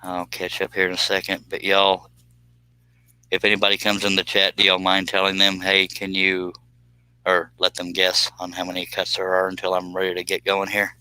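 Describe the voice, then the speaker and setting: A man's voice: low-pitched, completely flat delivery, moderate pace, bright, forceful tone, clear, resonant tone, poor audio. A man, casually chatting and joking with viewers on a live stream while doing scroll saw work in his workshop.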